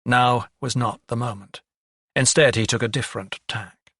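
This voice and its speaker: Man, audiobook narration, bright tone, dry close sound, measured. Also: mid-range voice, fairly even intonation, slightly rough, no echo. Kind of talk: scripted narration.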